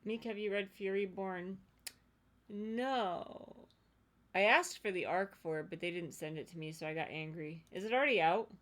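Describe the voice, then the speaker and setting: A woman's voice: fairly low pitch, normal speed, a bit bright. A woman co-hosting a home livestream, chatting casually and laughing often. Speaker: streamer co-host. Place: home while drawing on stream.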